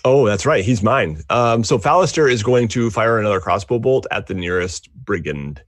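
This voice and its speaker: Man, very low voice, tabletop player, hesitant, dry close sound. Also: animated, normal speed, no room sound. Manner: laid-back, hesitant, lots of ums. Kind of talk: playing a tabletop game.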